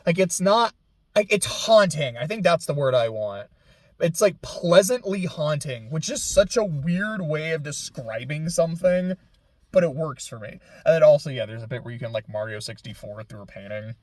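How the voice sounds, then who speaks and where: A man's voice: fairly high pitch, animated, normal speed, a little mellow, no room sound. Rambling young man, dry close sound. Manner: rambling, filler-heavy, laughs through near tears. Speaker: video game commentator. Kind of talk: casual gaming chat.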